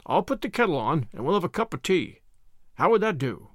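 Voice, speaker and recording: A man reading aloud and voicing a blunt, hasty old farmer who speaks his mind briskly. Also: on the high side, sing-song, dry recording, clean studio sound. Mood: blunt, friendly. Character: gruff outspoken older farmer, hasty but kindly.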